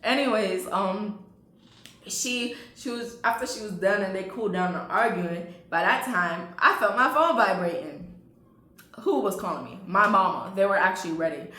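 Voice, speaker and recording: A woman's voice: mid-range voice, moderate pace, pushed and bright. A young adult woman telling a storytime vlog, chatty and laughing, talking straight to her viewers. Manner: chatty, addresses viewers as y'all, laughs often. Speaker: vlogger. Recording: roomy echo.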